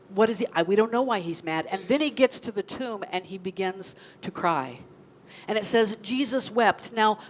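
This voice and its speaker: A woman's voice: mid-range voice, slight background noise. A woman minister gives a sermon in a conversational way, often asking the congregation questions. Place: church sanctuary.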